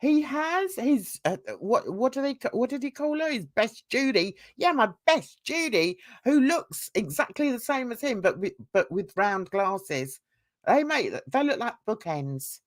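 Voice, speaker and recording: A woman's voice: a little high, sing-song, a little slow. A woman hosting casual reaction commentary, chatty and gossipy, laughing often. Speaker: commentary channel host.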